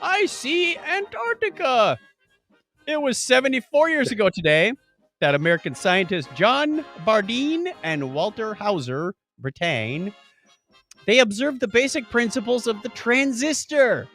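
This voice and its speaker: A man's voice: sits high, big pitch swings, measured pace, fairly bright tone, faint music behind. A man co-hosting a casual podcast, reading history notes and joking at his own slips. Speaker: podcast co-host.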